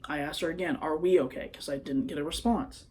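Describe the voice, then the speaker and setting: A man's voice: fairly high pitch, steady tone, fairly quick, darkish tone. Rambling young man on a phone. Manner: rambling, hesitant, full of fillers. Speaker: vlogger. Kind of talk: confessional personal vlog.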